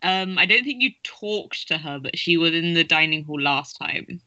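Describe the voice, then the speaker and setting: A woman narrating as game master of a tabletop game, chatty and quick to giggle. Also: low voice, lively intonation, sharp tone, dry recording, muffled recording.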